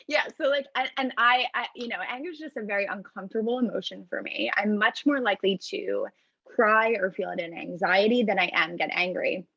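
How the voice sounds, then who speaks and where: A woman's voice: mid-range voice, brisk, vocal fry, pushed and bright, breathy edge, no room sound, dull audio. A woman therapist co-hosting a podcast, talking candidly and reflectively about her emotions, swearing casually, recorded over a remote call. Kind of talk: casual chat.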